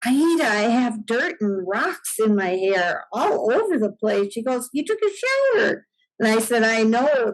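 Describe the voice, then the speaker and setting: Woman, middle-aged, podcast guest, unhurried pace, acts out dialogue, casual storytelling. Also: on the high side, poor audio. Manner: animated storyteller acting out dialogue, laughing often.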